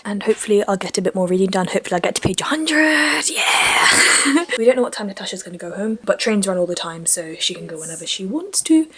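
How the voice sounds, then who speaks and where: A young woman, chatting casually and excitedly in a vlog, often laughing. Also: medium pitch, husky. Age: young adult. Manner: giggly, excitable. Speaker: vlogger.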